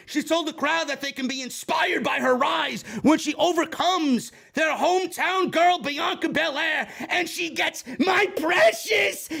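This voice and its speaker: A man's voice: extremely high pitch, creaky, sharp tone. A man reviewing a wrestling show in an angry, sarcastic rant full of swearing. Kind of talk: profane ranting show review.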